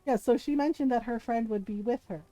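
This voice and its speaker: A woman's voice: a little high, fairly quick, dark tone, no echo, low-quality recording. A middle-aged woman streaming, telling stories in casual chat and laughing often as she talks. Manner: chatty storyteller, laughs often.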